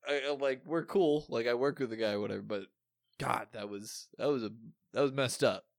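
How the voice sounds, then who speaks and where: Animated man telling a story, dry sound. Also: mid-range voice, normal speed, vocal fry, no room sound. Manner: animated, swearing, acts out quotes. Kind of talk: casual storytelling chat.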